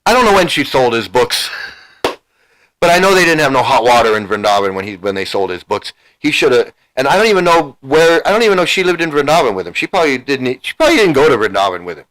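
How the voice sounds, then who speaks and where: A man's voice: mid-range voice, sing-song, fast talker, fairly bright tone, poor audio. Rambling older man telling a story. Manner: rambling, many restarts and repeats, casual swearing. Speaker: vlogger recounting his past. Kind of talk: casual storytelling commentary.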